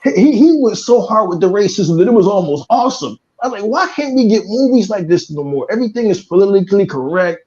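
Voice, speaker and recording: A man co-hosting a casual podcast, telling stories in a loud, profane way and slipping into impressions. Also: high voice, brisk, hardly any pauses. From Philadelphia area. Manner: profane, animated storytelling with impressions. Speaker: podcast co-host. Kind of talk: casual chat. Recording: dull lo-fi stream audio.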